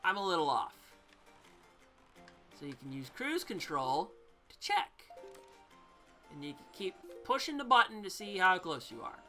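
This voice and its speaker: A woman's voice: fairly low pitch, very animated, unhurried, pauses often, pushed and bright. A woman hosting a let's play, chatting playfully and explaining the game as she plays. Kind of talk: video game commentary. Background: faint game music.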